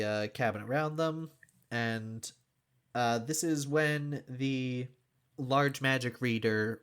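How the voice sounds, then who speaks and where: A man's voice: mid-range voice, fairly bright tone, clean tone. A man co-hosting a podcast, casually recapping a film's plot with plenty of filler words. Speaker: podcast co-host. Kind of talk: casual chat.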